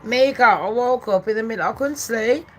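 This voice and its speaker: A woman's voice: on the high side, moderate pace, fairly bright tone, slight background noise. A woman, hosting a live stream and ranting, swearing and squaring up to commenters between true-crime chat. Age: 40s. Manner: foul-mouthed, confrontational, ranting at chat. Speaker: livestream host.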